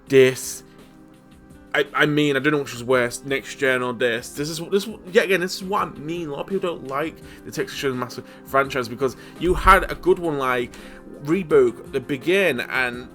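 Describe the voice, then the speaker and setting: A man's voice: on the high side, expressive, moderate pace, fairly bright tone, faint music behind. A man ranting casually about horror movies, stammering and swearing, exasperated.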